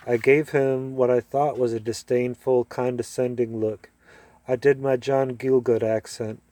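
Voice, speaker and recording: A man reads a short story aloud in a mellow, warm voice. He tells it expressively and shifts into the characters' lines. The recording is dry and close, with no room sound. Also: mid-range voice, a little slow, no room sound. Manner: expressive, acts out dialogue. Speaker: reader.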